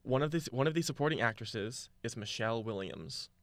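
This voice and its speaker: A young man hosting a casual movie trivia game, reading questions slowly and deliberately. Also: medium pitch, expressive, no room sound. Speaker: quiz host.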